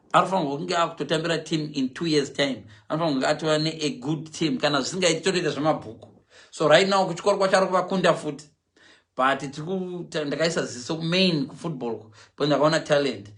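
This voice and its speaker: A middle-aged man from Zimbabwe with a Zimbabwean English accent, telling comic stories on a livestream in an animated way, mimicking other people's voices and laughing along. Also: fairly high pitch, fast. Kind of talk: animated comic storytelling, switching between Shona and English.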